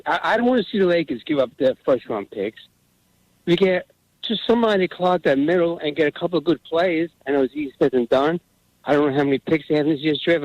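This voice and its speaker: Chatty New York caller on a muffled line. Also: male voice, a little high, no echo. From US East Coast. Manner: chatty, rambling. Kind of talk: call-in radio chat.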